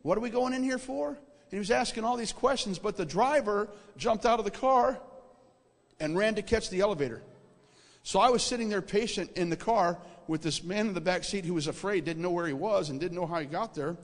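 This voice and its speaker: A man preaching a sermon, telling a dream in an animated storytelling way that repeats words for emphasis and checks in with his audience. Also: high voice, a little fast. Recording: reverberant hall.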